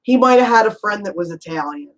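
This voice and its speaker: A woman's voice: medium pitch, animated, rough recording. Chatty woman medium calling people honey. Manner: chatty, warm endearments, frequent "you know"; laughs easily, asks rapid probing questions. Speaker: psychic medium. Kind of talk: casual spirit reading.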